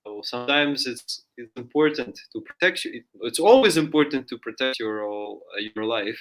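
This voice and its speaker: Casting: bright, forceful male storyteller from Russia, loose and chatty, studio read. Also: mid-range voice, lively intonation, moderate pace. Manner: chatty, many fillers, acts out voices in story. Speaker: guest storyteller. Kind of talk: casual spoken storytelling.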